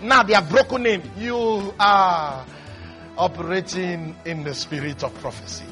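A man preaching a sermon as a pastor, emphatic and repetitive, with sudden loud rises. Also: sits high, measured pace, faint music behind.

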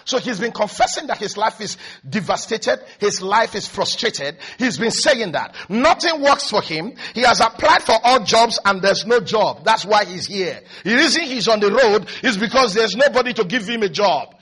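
A man preaching a sermon as pastor, animated, swinging between hushed asides and shouted peaks. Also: sits high, moderate pace, few pauses, husky.

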